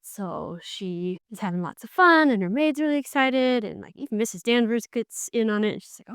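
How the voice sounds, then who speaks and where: A woman with a fairly high, smooth and resonant voice gives a chatty book recap as a podcast host. She talks in an animated way, jumping into the characters' lines. The recording is close and dry, with no room sound. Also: moderate pace, few pauses, no echo.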